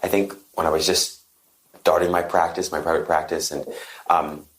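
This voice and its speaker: A man talking as a guest coach on a podcast, lively and quick with short agreeing interjections. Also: low-pitched. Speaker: guest, happiness and positive psychology coach.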